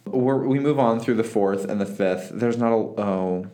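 A lower-pitched man ribbing his friend in easy podcast banter at home. His jokes land in a dry, mocking tone. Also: moderate pace, warm tone. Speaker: podcast co-host. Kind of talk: casual comedic chat.

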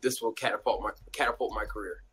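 A young man telling a story as a guest in a casual interview, animated and laughing often, acting out quotes in a high voice. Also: fast talker, breathy edge, poor audio.

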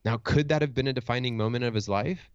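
Speaking fast in a mid-range, clean voice, a male motivational speaker and coach shares a personal story with candid reflection. He thinks out loud, restarts himself, and keeps checking in with "right?" The recording is dry and lo-fi.

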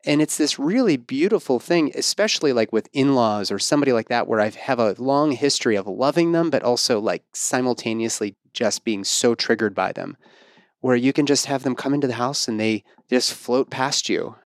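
Self-assured animated male podcast host. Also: mid-range voice, moderate pace, no room sound, clean studio sound. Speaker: podcast host and fertility coach. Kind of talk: casual interview chat.

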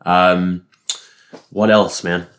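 A man's voice: low-pitched, flat delivery, drawn-out words, fairly bright tone. A young man talking through his week in a casual, rambling way, swearing often, laughing to himself and filling gaps with "like". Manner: profane, rambling, frequent "like" fillers, laughs to himself. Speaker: barista reflecting on his week. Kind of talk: casual solo reflection.

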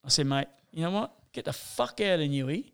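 A man's voice: on the high side, animated, brisk, vocal fry, clear, resonant tone. A man telling rambling, sweary stories in a casual chat, full of fillers.

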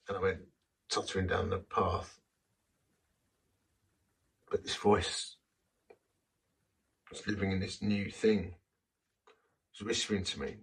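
A low, gravelly man's voice with a husky, breathy edge tells a story from the pulpit. He is a vicar and talks in a self-deprecating way, acting out what people said. He sounds a little far from the mic. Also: a bit bright. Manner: anecdotal, self-deprecating, acts out quotes. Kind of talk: sermon storytelling.

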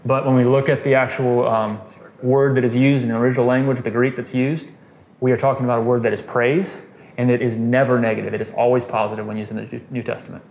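A man's voice: mid-range voice, flat delivery, fast, darkish tone. A man leading a Bible study in a casual, conversational way, quizzing his group and checking in with "okay" and "right.". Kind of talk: conversational scripture teaching. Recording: roomy echo, faint noise.

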